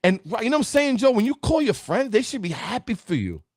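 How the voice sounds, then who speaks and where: A man's voice: high-pitched, very animated, fast talker, darkish tone, dry recording, studio quality. A man giving a live-streamed motivational talk, emphatic and preachy, often asking "right?" and greeting viewers by name. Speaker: motivational speaker.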